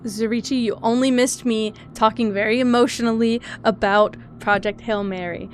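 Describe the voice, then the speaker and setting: A young adult woman streaming, chatting casually and gushing excitedly, swinging between loud squeals and soft teary asides. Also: fairly high pitch, normal speed, slight background noise. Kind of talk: casual live-stream chat.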